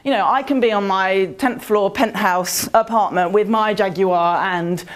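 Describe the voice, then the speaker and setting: A woman's voice: mid-range voice, measured pace. A woman giving a motivational presentation at a conference. She talks in a conversational way and puts questions to the audience. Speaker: conference speaker. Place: conference venue.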